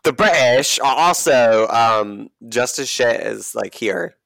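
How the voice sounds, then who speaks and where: A man co-hosting a casual podcast chat, laid-back and wry, sometimes dropping into a low mumble. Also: animated, takes it slowly, gravelly, a bit bright, dry recording. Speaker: podcast co-host.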